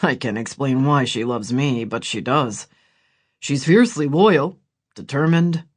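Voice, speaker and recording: A man voicing Gideon, an earnest ex-soldier older brother, in a quiet, measured audiobook reading. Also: medium pitch, lightly acted. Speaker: audiobook character voice.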